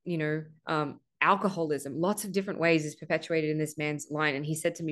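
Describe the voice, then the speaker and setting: A woman's voice: low voice, steady tone, brisk. A woman hosting a podcast, giving an earnest spiritual monologue, stressing points with swearing and a habitual "right?". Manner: earnest, repeats "right?" often, swears for emphasis. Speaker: podcast host.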